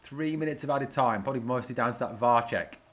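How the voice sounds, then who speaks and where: A man hosting a fan watch-along stream, chatty and casual as he talks through the game. He reads out comments from viewers and gets excited whenever his side goes forward, his voice pitched in a plain middle range. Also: brisk. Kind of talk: casual live match commentary.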